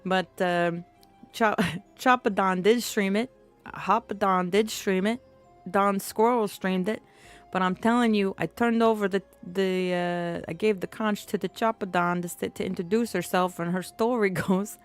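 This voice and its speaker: A woman's voice: mid-range voice, steady tone, a little slow, faint music behind. A woman streaming a survival game, chatting with a teammate and her viewers, laughing often and trailing off mid-thought. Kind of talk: casual gaming stream chat.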